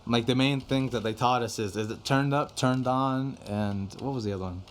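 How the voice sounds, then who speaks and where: A man's voice: mid-range voice, normal speed, slight background noise. Rambling young man telling stories. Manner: rambling, filler-heavy, swears casually. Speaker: podcast guest telling studio stories. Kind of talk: casual chat.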